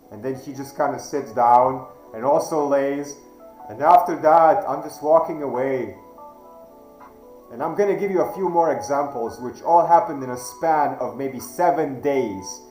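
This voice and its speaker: Guy with english as second language telling a story slow and careful, faint music, roomy sound. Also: a little high, darkish tone. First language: not English. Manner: slow, deliberate storytelling with hesitant restarts. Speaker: channel host. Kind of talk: reflective storytelling monologue.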